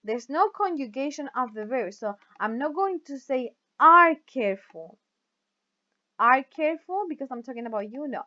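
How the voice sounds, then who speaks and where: A woman teaching English grammar in a recorded video lesson, whose first language is Spanish. She reads example sentences aloud slowly and often checks with the class by asking "right?". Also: high-pitched, lively intonation, sharp tone, muffled recording.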